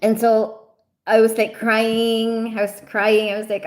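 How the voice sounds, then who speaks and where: Chatty woman livestreamer, higher voice. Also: monotone, a little slow. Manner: rambling, heavy use of fillers; giggly. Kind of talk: casual livestream chat.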